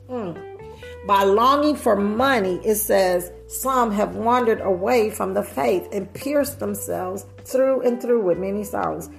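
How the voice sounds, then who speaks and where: Gravelly-voiced woman preaching a sermon. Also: mid-range voice. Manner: earnest preaching with rhetorical questions to listeners.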